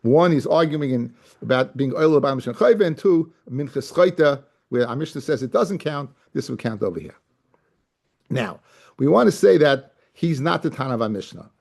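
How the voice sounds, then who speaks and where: A man teaches Talmud at a moderate pace, his medium-pitched voice gravelly, a little mellow, and lively in intonation. Calling his students guys and fellas, he keeps checking they understand and repeats key phrases, restarting to press his points.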